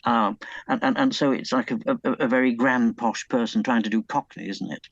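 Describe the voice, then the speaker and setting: A man with a gravelly, husky voice talks through an interview, stopping and restarting his sentences as he enthuses about old cinema. The recording is dull and dry, with no room sound. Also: mid-range voice, moderate pace, no room sound. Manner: hesitant, many fillers and restarts, enthusiastic about old films. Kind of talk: conversational interview.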